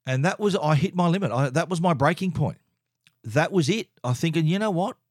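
A man's voice: a little high, expressive, brisk, no room sound, clean studio sound. A middle-aged Australian man telling a story in a casual, exasperated and emphatic way, with frequent restarts.

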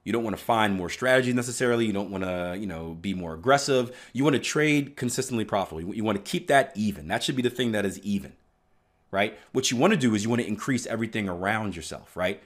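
A man's voice: lowish voice, expressive, fast. A man teaching about trading in a motivational way, emphatic and repetitive, often checking in with "right?". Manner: emphatic, repeats "right?" often, bursts of loud stress. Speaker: trading coach.

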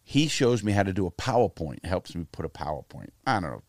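There's no echo on this recording of a middle-aged American man with a low voice speaking fairly quickly. Chatting casually, he recounts his life bluntly and with plenty of profanity, voicing the people he describes.

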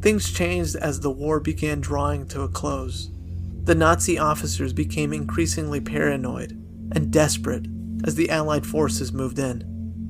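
A man narrating a dark family story in a measured, somber storytelling manner. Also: a little high. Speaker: narrator, podcast host.

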